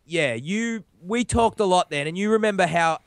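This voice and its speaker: An Australian man co-hosting a podcast, laid-back and jokey with slang and swearing, his voice a little rough from being sick. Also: sits high, animated, moderate pace, dry recording. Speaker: podcast co-host. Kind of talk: casual podcast chat.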